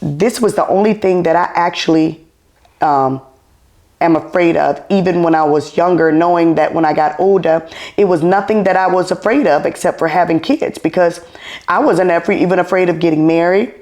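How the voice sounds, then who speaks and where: A woman hosting a podcast in casual chat, an animated storyteller who laughs often. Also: fairly low pitch, moderate pace. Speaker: podcast host.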